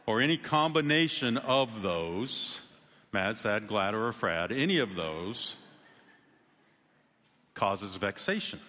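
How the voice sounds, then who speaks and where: A man preaching a sermon in a conversational way, with sudden emphatic rises in pitch. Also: sharp tone, in a large hall. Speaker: pastor.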